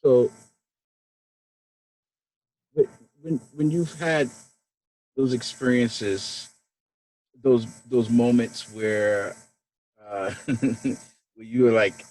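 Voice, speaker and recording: A man's voice: medium pitch, fairly even intonation, drawn-out words, long pauses, a little mellow, poor audio. A man interviewing a guest casually, laughing easily and restarting his questions.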